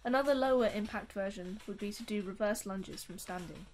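Young woman, calm instructor voice-over, clear and encouraging, faint hiss behind. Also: mid-range voice, fairly quick. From United Kingdom. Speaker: taekwondo stretching instructor.

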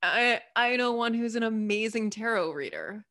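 A woman chatting as a podcast guest, animated and emphatic as she explains ideas and acts out little quoted voices. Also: fairly high pitch, normal speed. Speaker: podcast guest, Human Design reader. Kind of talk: casual podcast conversation.

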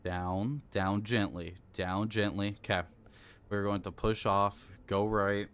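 Frustrated male streamer, low voice. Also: steady tone, takes it slowly, fairly bright tone, clear, resonant tone. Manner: frustrated, swearing, coaching himself aloud. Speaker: live gaming streamer. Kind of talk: casual live-stream commentary.

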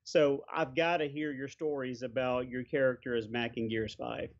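A man's voice: mid-range voice, flat delivery, normal speed, dull audio. Man hosting a gaming interview. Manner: steering questions, recounting a gaming session. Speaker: podcast host.

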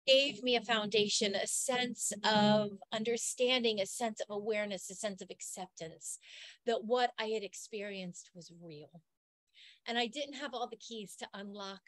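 Brief: middle-aged female podcast host, earnest and heartfelt storyteller, mid-pitched voice. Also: dry recording. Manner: emotional, earnest, animated storytelling.

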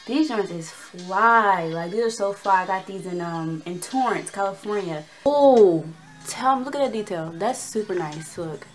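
A woman's voice: mid-range voice, normal speed, few pauses, a bit bright, faint music behind. A young woman vlogging, telling a story casually to the camera in a chatty, slangy way and acting out the dialogue with energy.

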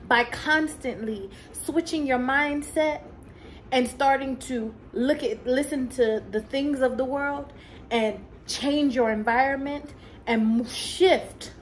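A woman giving a fervent motivational faith talk as a Christian coach. She slows down to stress key words and drops in casual asides and little laughs. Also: high voice, a little hiss or hum, low-quality recording.

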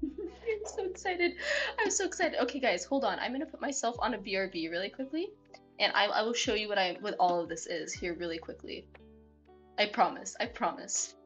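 A woman live streamer chatting casually with her viewers, excitable and gushing, often repeating herself. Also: mid-range voice, a little fast, soft background music.

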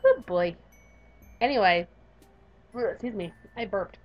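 A woman's voice: mid-range voice, slow, dull audio. A young woman playing a visual novel, reading its narration aloud and chatting playfully. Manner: playful, giggly, expressive. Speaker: gaming YouTuber.

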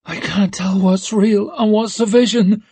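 A woman's voice: mid-range voice, fairly even intonation, measured pace, mellow, slightly rough, no room sound, pitched above the performer's own voice. A man voicing a young woman seer, feverish and frightened, speaking in a strained, pleading way. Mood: dazed, frightened.

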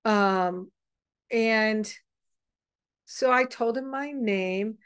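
Woman host, unhurried and soft, wanders through a story with pauses; dry, close sound. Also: a little high, clear, resonant tone, dry recording. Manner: meandering and gentle, with frequent pauses and restarts. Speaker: host of an online spiritual gathering. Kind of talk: personal storytelling to an online group.

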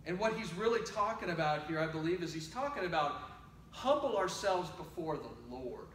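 A man preaching a sermon as pastor, talking conversationally and swinging between loud exhortation and quiet asides. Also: fairly high pitch, sing-song, moderate pace, a little hiss or hum. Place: church sanctuary. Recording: roomy church sound from a distant mic.

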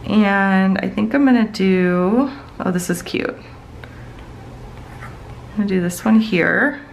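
A woman's voice: medium pitch, slow pace, vocal fry, a little hiss or hum, poor audio. A woman in her thirties chatting casually in her home office while planning, rambling with many fillers. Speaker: planner vlogger. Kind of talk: casual chatty plan-with-me talk.

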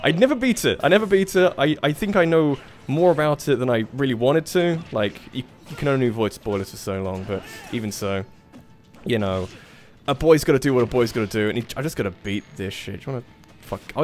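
A man's voice: medium pitch, expressive, fairly quick. A young man streaming a fighting game, chatting casually about moving house and swearing at his opponents. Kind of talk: casual gaming commentary. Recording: faint game music behind.

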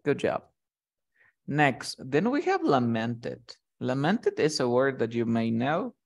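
A man teaching English words in relaxed conversation, his voice sitting at an ordinary middle pitch. He explains each term, then acts out a quick example line and checks in with his student. The pace is chatty and patient. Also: creaky. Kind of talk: vocabulary lesson conversation.

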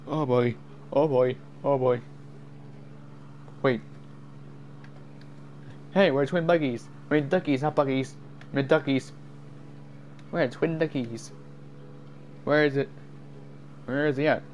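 A man giving jumpy, excited commentary while playing a game, easily startled and laughing at himself. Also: mid-range voice, slow, long pauses, slight background noise. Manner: jumpy, screams and laughs at scares, self-mocking. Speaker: gamer.

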